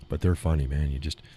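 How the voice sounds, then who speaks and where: A man with a deep, mellow, slightly husky voice chats casually on his live stream. He rambles from one thought to the next and breaks into chuckles often, recorded in a small home studio. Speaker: live show host.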